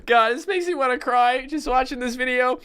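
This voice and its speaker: A man's voice: very high-pitched, fairly quick, a bit bright, clean tone. A young man in his twenties with a Newfoundland accent, telling a childhood story in a casual, joking commentary with the odd swear. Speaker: YouTuber.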